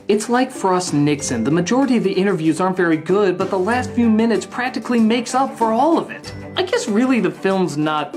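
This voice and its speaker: A woman hosting a comedic film recap, excitable and prone to shouting rants, with music underneath. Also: mid-range voice, brisk, hardly any pauses. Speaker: host, film reviewer.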